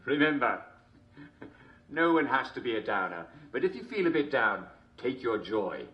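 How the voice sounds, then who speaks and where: A man's voice: mid-range voice, big pitch swings, normal speed, lo-fi sound, close to an everyday voice. A man playing a jovial, constantly chuckling TV host, mock-cheerful and smarmy. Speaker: show host. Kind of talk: comedic character monologue.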